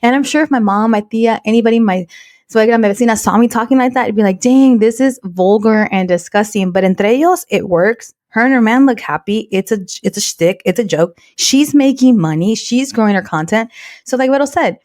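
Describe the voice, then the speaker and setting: A woman's voice: on the high side, a little fast, a little mellow. A woman co-hosting a podcast, chatting casually and telling stories animatedly, with Spanish words dropped in. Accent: Latina American English with Spanish words. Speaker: podcast co-host.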